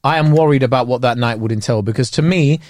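A young British man, co-hosting a casual podcast chat, expressive and telling stories with laughs. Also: medium pitch, fast talker, no room sound, clean studio sound. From Britain. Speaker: podcast co-host.

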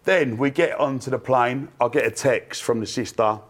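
A man's voice: medium pitch, moderate pace. A man, telling a long anecdote breathlessly and laughing as he goes on a fan panel. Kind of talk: animated storytelling.

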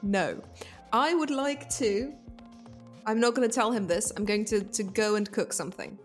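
A woman of mid pitch playing a tabletop role-play game. She speaks with confidence and often laughs. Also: normal speed, soft background music. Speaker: player.

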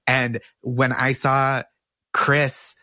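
A man telling a comedy story in casual chat, animated and laughing often as he quotes other people. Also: mid-range voice, extremely slow, no echo, studio quality. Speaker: comedian guest.

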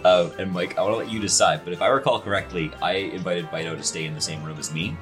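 A man's voice: low voice, steady tone, fast talker, soft background music. A man playing a tabletop game, hesitant and stammering as he speaks in character. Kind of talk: casual tabletop game play.

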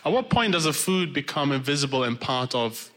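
A man's voice: fairly high pitch, sing-song, fairly quick, fairly bright tone. Playfully puzzled comedian man. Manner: playfully puzzled, musing questions. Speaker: comedian guest. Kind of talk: live comedy podcast banter.

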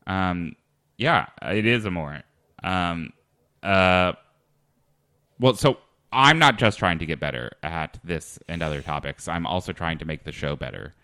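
A man hosting a comedy podcast, interviewing a guest in a halting, awkward way with many restarts. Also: low voice, lively intonation, bright, forceful tone, no echo, studio quality. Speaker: podcast host.

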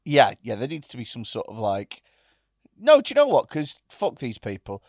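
A man's voice: mid-range voice, huge pitch swings, moderate pace, a little mellow, dry recording, studio quality. A man co-hosting a podcast, bantering casually, laughing often and swearing. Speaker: podcast co-host. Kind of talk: casual chat.

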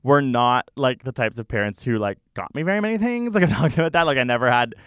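A young man in relaxed podcast chat, mid-pitched, recorded close and dry with no room sound. He tells stories with lively acted-out quotes and plenty of fillers. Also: fast talker, smooth, dry recording. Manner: animated storytelling, acts out voices in quotes. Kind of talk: casual chat.

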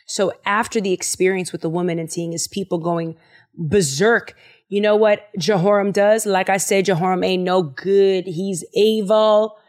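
Animated, slangy woman podcast host. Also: medium pitch, moderate pace. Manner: animated, slangy, conversational storytelling. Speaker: podcast host retelling Bible stories. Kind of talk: casual chat.

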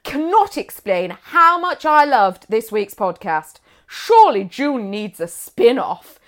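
Brief: high-voiced, playful woman co-host, laughs often. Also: very animated, slow. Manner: giggly, playful, theatrical emphasis. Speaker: podcast co-host. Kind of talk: casual chat, reading listener messages.

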